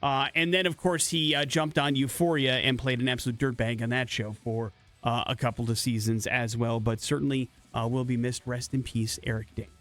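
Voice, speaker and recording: A man's voice: medium pitch, fairly even intonation, a little fast, few pauses, a bit bright, soft background music. A man from the Midwest hosting a morning radio show in a casual, rambling way, full of fillers and restarts. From American Midwest. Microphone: studio microphone.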